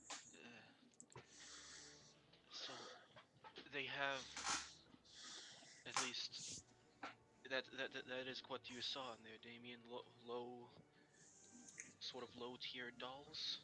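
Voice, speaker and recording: A man's voice: mid-range voice, little pitch movement, very slow, pauses often, noisy background. A man playing a tabletop game, speaking hesitantly with many fillers. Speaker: player. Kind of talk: casual tabletop game chat.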